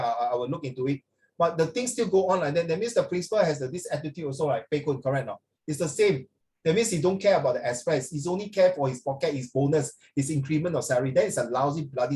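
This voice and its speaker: Middle-aged man, Singaporean English accent, teacher, lecturing a class, blunt and opinionated, a bit high-pitched. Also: darkish tone, poor audio.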